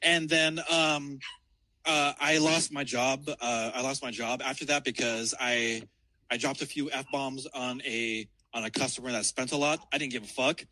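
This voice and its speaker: A man's voice: medium pitch, fairly even intonation, normal speed, bright, forceful tone, no echo, low-quality recording. A man calling in from outdoors downtown, telling a rambling, profane story with frequent laughter. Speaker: caller. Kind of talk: casual storytelling.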